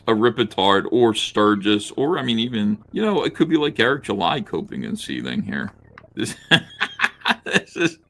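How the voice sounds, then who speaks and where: This co-host has a lowish voice with a sharp tone. He draws at his desk while flipping through a comic on the podcast, giving casual, mocking commentary peppered with laughter and swearing.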